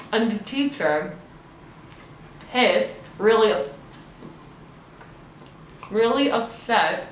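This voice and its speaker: A young woman talks through a mouthful of marshmallows as she recaps an episode. She rambles bluntly and swears freely at a slow, drawn-out pace. Her voice is picked up from a distance in an echoey room. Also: lowish voice, a little hiss or hum. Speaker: host.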